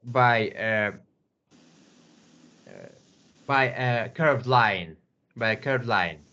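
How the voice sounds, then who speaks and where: A man's voice: medium pitch, fairly bright tone. Guy teaching english to one student, patient, says everything twice, kinda dull lo-fi audio. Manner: patient, repeats words slowly, many fillers. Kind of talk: online English lesson.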